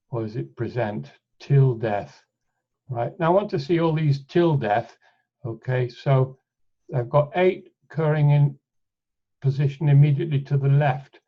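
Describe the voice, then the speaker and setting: A man presenting a live software demonstration in a webinar, thinking aloud as he clicks through steps and often restarting his sentences. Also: medium pitch. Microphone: computer mic on a video call. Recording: dull lo-fi webinar audio.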